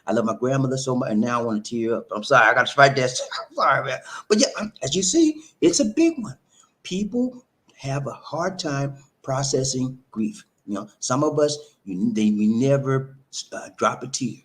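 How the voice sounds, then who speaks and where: A man's voice: medium pitch, normal speed. A man giving casual, preachy relationship advice, repeating himself and often calling the listener "man". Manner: animated, repetitive, preachy, says "man" often. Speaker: relationship talk host. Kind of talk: casual monologue to camera.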